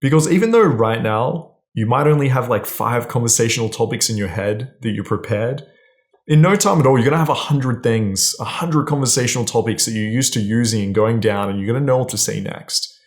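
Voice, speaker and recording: Speaking a little fast at medium pitch, a dating coach talks straight to camera with casual, blunt advice. He swears freely and keeps checking in with "right?".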